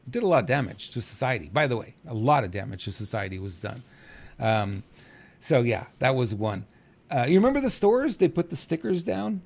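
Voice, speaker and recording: A middle-aged man talking in a casual monologue as a podcast host, animated and chuckling, acting out quotes. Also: a little fast, creaky. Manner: animated, acts out quotes with big pitch jumps, chuckles.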